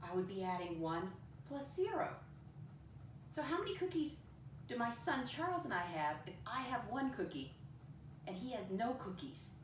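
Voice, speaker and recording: A woman teacher leading a first-grade math lesson, with a sing-song manner and slow letter-by-letter spelling. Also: fairly high pitch, very animated, recorded from a distance, slight background noise. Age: adult with a son. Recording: echoey room, voice off-mic.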